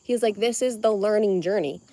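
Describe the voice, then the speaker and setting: A woman's voice: mid-range voice, moderate pace, dark tone, slight background noise. Young adult woman, live streamer, fresh out of bed, casual and rambling. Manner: chatty and rambling, many "like"s and restarts. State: just woke up, dry-lipped.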